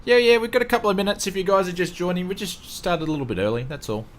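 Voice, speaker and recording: A man's voice: sits high, racing, slight background noise. A man hosting a casual livestream, chatting and greeting viewers one by one. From Australia. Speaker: livestream host.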